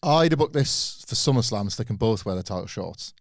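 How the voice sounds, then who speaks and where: A man's voice: lowish voice, animated, fairly quick, dry recording, clean studio sound. A man co-hosting a wrestling podcast, talking in an enthusiastic, rambling way with asides. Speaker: podcast co-host. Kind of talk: casual opinionated chat.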